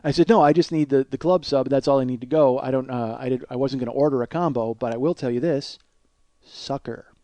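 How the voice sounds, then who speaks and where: A man's voice: medium pitch, fast, few pauses, mellow, dry recording, lo-fi sound. A man telling a long comic story about himself, rambling, self-mocking and profane. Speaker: comedy podcast host. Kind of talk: solo comedic storytelling.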